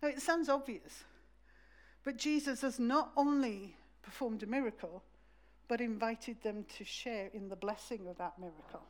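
A woman preaching a sermon in a church, telling the story in a lively way and acting out the voices. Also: on the high side, normal speed.

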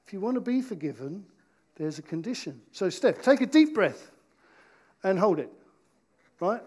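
Man, preacher, interactive church sermon, playful, emphatic pauses. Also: sits high, big pitch swings, darkish tone, husky.

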